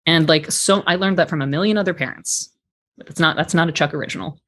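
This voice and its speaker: A man's voice: a little high, fast talker, sharp tone. A man guest on a podcast, speaking candidly and reflectively in casual conversation, with some swearing. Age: adult parent.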